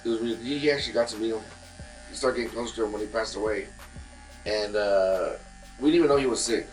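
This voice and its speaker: A man's voice: on the low side, fast talker, soft background music, poor audio. A man, a guest musician in casual chat in a barbershop, telling a long story with many fillers and restarts.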